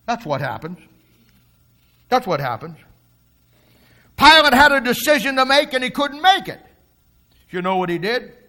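A man's voice: high voice, bright, forceful tone. An older man preaching a sermon, telling stories in a fervent, folksy way.

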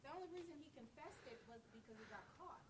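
A woman from the congregation asking the preacher quick, hesitant questions. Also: sits high, expressive, breathy edge. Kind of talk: question from the audience. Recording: faint voice from far off the mic.

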